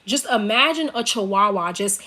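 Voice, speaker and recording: A young New York vlogger rants a story to camera from her bedroom, perched on the bed, swearing heatedly and hitting words hard. The laptop's built-in mic picks up a medium-pitched, animated, pushed and bright voice at a moderate pace.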